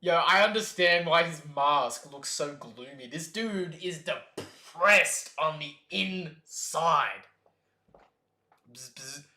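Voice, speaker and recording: Man, live reaction host, lively joking delivery, bright sharp voice, roomy echo. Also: on the high side, slow, hardly any pauses. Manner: animated, joking, reads panels aloud in exaggerated voices. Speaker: streamer reacting to a comic chapter. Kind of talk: live reaction stream, casual chat.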